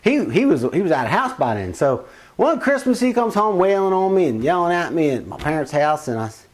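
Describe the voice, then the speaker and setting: A man's voice: high-pitched, fairly quick. A man telling a personal family story in a casual, rambling way, acting out the quotes as he goes. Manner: animated, rambling, acts out quotes.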